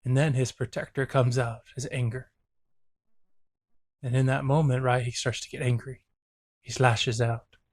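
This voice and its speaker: Male therapist host, earnest reflective reaction commentary, flat delivery, dry close recording. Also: medium pitch, normal speed, long pauses, no room sound. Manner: earnest, reflective, openly emotional.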